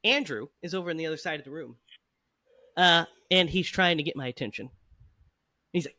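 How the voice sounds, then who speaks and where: A man's voice: on the high side, expressive, a little fast, long pauses, sharp tone. A man hosting a podcast, telling a story in casual chat with frequent laughs. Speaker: podcast host.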